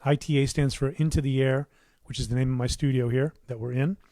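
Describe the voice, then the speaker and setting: Middle-aged male musician, relaxed rambling livestream host, dry close studio sound. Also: medium pitch, fairly quick, no echo. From United States. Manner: rambling, warm asides, many fillers and restarts. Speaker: musician hosting his own livestream. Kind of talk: casual livestream chat. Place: his home recording studio.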